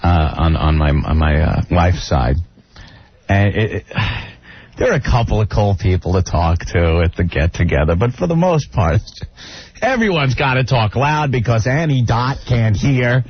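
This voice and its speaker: A man's voice: fairly low pitch, expressive, unhurried, breathy edge, no room sound. A man co-hosting a radio show, telling comic stories in an exasperated, laughing way. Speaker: radio co-host. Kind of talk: radio banter, comic storytelling. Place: radio studio. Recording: slightly muffled radio broadcast recording.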